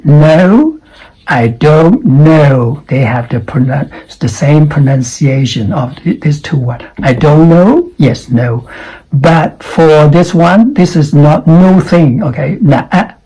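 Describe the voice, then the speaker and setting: Slow, husky-voiced male English teacher. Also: a little high, dark tone, low-quality recording. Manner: drills words slowly, repeats sounds, asks the viewer questions. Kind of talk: pronunciation lesson.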